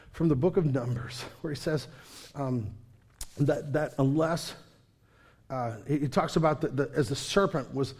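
Animated preaching man, fairly high voice. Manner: animated storytelling preacher, acts out quoted voices. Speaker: pastor. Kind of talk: sermon.

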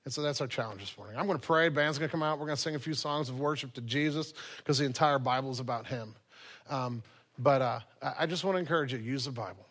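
A man's voice: medium pitch, fast, fairly bright tone. A man preaching a sermon as pastor, earnest and repeating key phrases for emphasis.

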